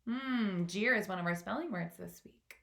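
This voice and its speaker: A woman's voice: mid-range voice, normal speed, gravelly, a bit bright. A woman teacher reading a storybook aloud to students, stopping to ask questions and explain words.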